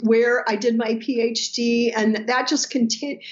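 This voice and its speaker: A woman scholar answering interview questions in a lively, animated way, often laughing and quoting others. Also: a little high, a little slow, dull audio, slight background noise. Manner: animated, laughing, quotes voices while explaining. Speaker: New Testament scholar guest. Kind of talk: podcast interview.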